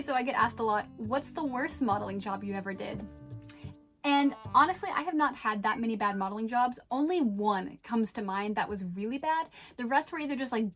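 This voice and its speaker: A young woman with a slightly high voice tells a story for her vlog, lively and quick to laugh. She acts out the voices of the people in her story as she goes. Soft music plays faintly under her. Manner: animated, acts out quoted voices, laughs often. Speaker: vlogger. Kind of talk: casual storytelling.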